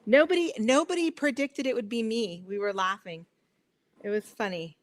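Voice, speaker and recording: A woman's voice: a little high, normal speed, no room sound. Teasing, laughing woman co-host. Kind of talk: casual live-stream chat.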